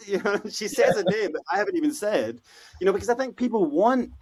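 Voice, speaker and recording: A Scottish man, a podcast guest, telling stories in a casual, animated way and acting out the voices of people he quotes. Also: sits high, quick pace, breathy edge. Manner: animated, acts out quoted voices, lots of "you know, like". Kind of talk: casual storytelling interview.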